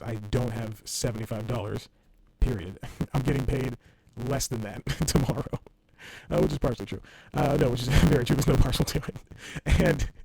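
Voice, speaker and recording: Rambling, laughing young man with gravelly voice. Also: medium pitch, mellow. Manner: rambling, self-mocking, laughs often mid-sentence. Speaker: podcast host. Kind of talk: casual solo podcast storytelling. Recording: distorted audio with faint background noise.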